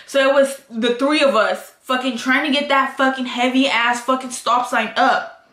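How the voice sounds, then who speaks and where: A woman's voice: sits high, fairly even intonation, moderate pace, fairly bright tone. A woman vlogger telling a casual story, swearing constantly and switching into Spanish. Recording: echoey room.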